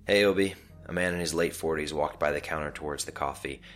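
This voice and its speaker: A man narrating a scripted story in a calm, measured way. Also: a bass voice, soft background music.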